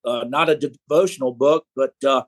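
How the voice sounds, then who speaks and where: A man with a Southern American accent, an author talking in an unhurried, folksy way with frequent pauses and hesitations. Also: mid-range voice. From South Carolina, USA. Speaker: author, guest. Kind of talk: casual interview chat.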